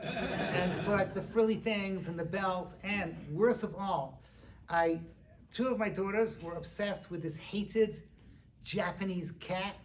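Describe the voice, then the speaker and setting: A man's voice: high voice, slow pace. Guy rabbi telling a funny story in a sermon, lots of ums and likes, bit of faint noise. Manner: animated, joking, lots of fillers. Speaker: rabbi lecturer. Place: synagogue lecture.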